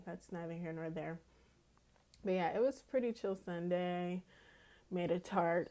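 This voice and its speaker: A woman's voice: lowish voice, unhurried, a little mellow. A woman, hosting her own podcast in an easygoing, chatty way and laughing often. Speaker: podcast host. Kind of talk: casual chat.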